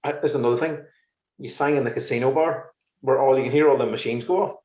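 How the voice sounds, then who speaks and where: A musician guest in a casual interview chats quickly in a mid-range voice, firing off lively, exasperated stories punctuated with laughs. The recording sounds roomy and a bit muffled.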